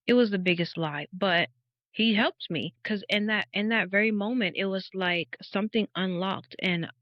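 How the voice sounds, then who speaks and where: A woman's voice: on the low side, moderate pace, no room sound. A woman in her thirties recounts her past as a guest on a faith podcast, speaking in an earnest and reflective way. Her voice sits close and dry on the mic, and the recording is a little dull and muffled. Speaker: interview guest sharing her testimony. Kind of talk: conversational personal testimony. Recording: dull, slightly muffled audio.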